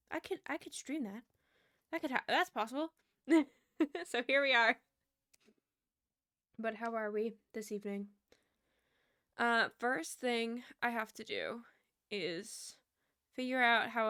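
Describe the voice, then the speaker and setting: A woman's voice: fairly high pitch, fairly bright tone, clear, resonant tone. A young woman chatting casually on a livestream while she plays a game, giggling and trailing off mid-sentence. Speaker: streamer.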